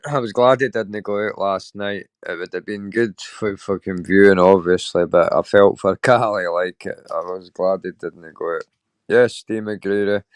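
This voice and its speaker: A man chatting as a livestream guest, telling stories in a halting, rambling way with laughs. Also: on the low side, clear, resonant tone, no room sound. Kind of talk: casual chat.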